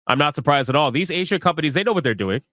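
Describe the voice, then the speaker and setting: A man's voice: a little high, animated, very fast, a bit bright, no room sound, clean studio sound. A man reacting live on stream to a video, with crude, sarcastic and mocking commentary.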